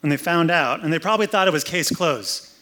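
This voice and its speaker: A man's voice: a little high, animated, a little fast, bright, forceful tone. A pastor giving a conversational, humorous sermon indoors, acting out the story as he goes. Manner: conversational, humorous, acts out scenes. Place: air-conditioned room, indoors.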